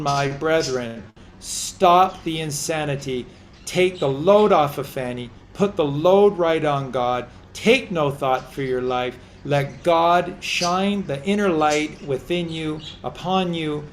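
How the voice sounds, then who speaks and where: A man with a voice on the high side hosts a podcast of impassioned religious commentary. He exhorts his listeners in a preachy, repetitive way, and there's slight background noise.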